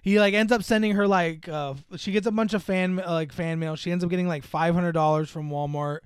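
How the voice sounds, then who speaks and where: A man's voice: high voice, fairly even intonation, a little fast, smooth, no room sound, studio quality. A young man in casual chat, rambling through a film plot with plenty of filler and swearing, acting out the characters' lines. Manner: rambling, lots of "like" and profanity, acts out quotes.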